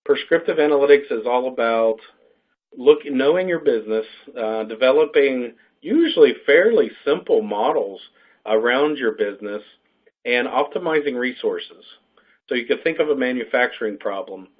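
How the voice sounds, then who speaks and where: A man's voice: medium pitch, animated, moderate pace. A man explaining a business degree in an unscripted webinar talk, with frequent fillers and restarts. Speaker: program faculty speaker. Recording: tinny phone-like line.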